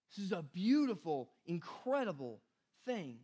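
A man with a high voice gives a sermon, reading scripture and explaining it in relaxed, everyday words. He often checks in with the listeners and repeats his key points for emphasis. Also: normal speed. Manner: casual, conversational preaching with repeated "right?" and "you guys". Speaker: pastor.

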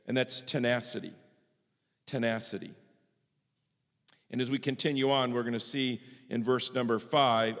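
A man pastor preaching a sermon with strong emphasis, swinging between loud and soft passages. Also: a little high. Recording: long hall reverb.

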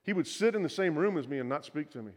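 A middle-aged pastor preaching a sermon, telling a personal story in an earnest voice that often drops to a quiet, confiding tone. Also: male voice, on the high side, lively intonation, fast talker. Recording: long hall reverb.

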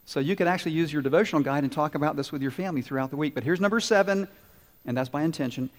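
Animated pastor in a reverberant church. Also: male voice, fairly high pitch, racing. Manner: animated, asks children questions and answers for them. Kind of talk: children's sermon. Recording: long reverb in a large hall.

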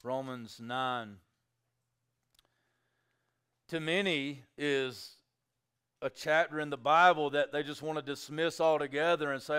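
A man's voice: mid-range voice, measured pace, fairly bright tone, clean tone. A male pastor preaching a sermon, reading scripture and acting out objectors' questions in a raised voice.

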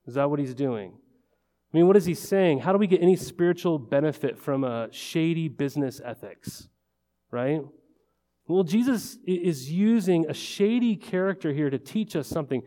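A male pastor preaching in a relaxed, talky way, pitched a little high for a man but with a warm, mellow tone. He keeps checking in with the room through rhetorical questions. The sound hangs in the long reverb of a large church hall. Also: normal speed. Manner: conversational, full of rhetorical questions and "right?". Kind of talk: sermon.

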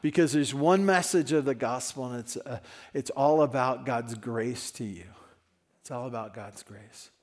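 A man preaching a sermon in a conversational way, his voice rising and dropping in level. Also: medium pitch. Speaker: pastor.

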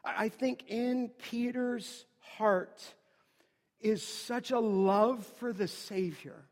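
A man preaching an earnest, emphatic sermon that builds to loud declarations. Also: high-pitched, steady tone, slow pace, long reverb tail. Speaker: pastor.

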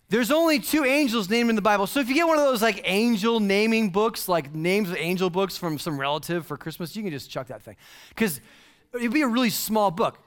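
A man pastor giving a casual, humorous sermon, full of playful slang and animated asides. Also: sits high.

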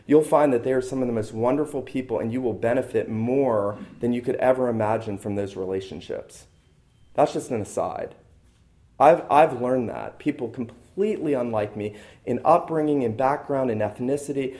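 A man's voice: mid-range voice, normal speed, warm tone. A man preaching a sermon as a pastor, emphatic and repeating key lines for stress.

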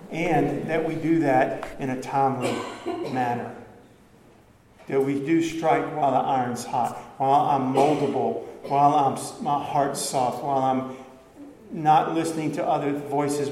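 A man's voice: fairly high pitch, mellow. Pastor, man, earnest emphatic preaching; roomy reverberant sanctuary. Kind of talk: sermon. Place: church sanctuary. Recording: echoey church hall with music.

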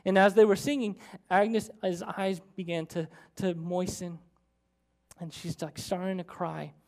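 A preacher telling a story in a sermon, with animated, dramatic storytelling. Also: medium pitch, measured pace.

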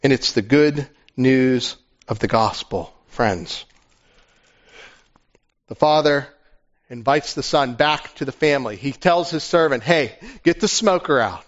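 A male pastor preaching a sermon in a conversational, animated storytelling manner. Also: medium pitch, slow pace, pauses often. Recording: dull lo-fi recording.

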